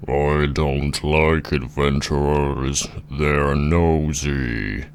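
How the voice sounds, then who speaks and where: A man voicing a gruff male giant who guards a castle, speaking in a slow, booming voice. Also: fairly even intonation, a little hiss or hum, heavily acted.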